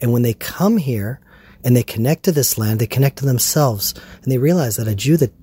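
A man's voice: mid-range voice, animated, fairly quick, mellow, breathy edge. A man speaking as a guest on a podcast, passionate and emphatic, repeating his points for force. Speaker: farm owner, guest. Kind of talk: casual podcast conversation.

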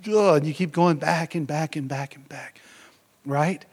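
A man preaching a sermon in a lively, conversational way, often tagging his lines with "right?" and building up to excited near-shouts. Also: on the high side, measured pace. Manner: energetic, conversational, keeps asking "right?".

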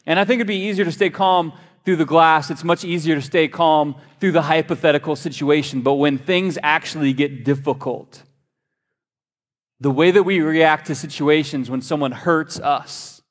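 A man's voice: on the high side, normal speed. Man preaching in a reverberant church. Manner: lively, joking storyteller. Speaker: pastor. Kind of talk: sermon. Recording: long hall reverb.

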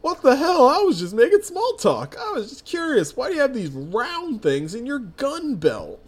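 A man doing a panicky, high-voiced male bystander. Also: huge pitch swings, normal speed, heavily acted. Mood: panicked. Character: bewildered nosy male bystander.

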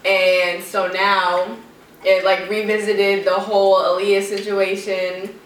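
A chatty young woman hosts a relaxed family podcast and laughs easily between bites. Her voice sits at a middle pitch. She is picked up from a distance in an echoey room, with a faint hiss underneath. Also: slow. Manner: upbeat and chatty, laughs often. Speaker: podcast co-host. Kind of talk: casual family chat during a food-eating video.

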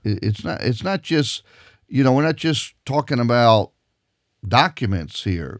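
A man preaching a radio sermon and reading scripture, emphatic, repeating words and climbing in pitch as he presses a point. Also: very animated, unhurried, no echo, studio quality. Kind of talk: old-time radio sermon with Bible reading.

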